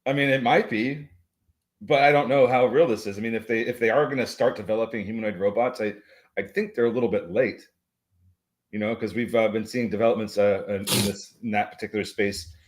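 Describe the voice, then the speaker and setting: A man with a fairly low voice co-hosts a stock market show. He thinks aloud in a halting way, full of fillers and restarts. He slips in dry, joking asides. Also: steady tone. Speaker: co-host and market commentator. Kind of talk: casual market chat.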